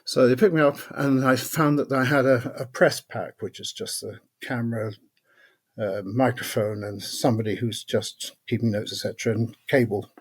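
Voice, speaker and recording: An older man, a podcast guest telling anecdotes in a lively way, laughing often and acting out what others said. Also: mid-range voice, normal speed, breathy edge. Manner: lively raconteur, laughs often, acts out quotes. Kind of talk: anecdotal storytelling.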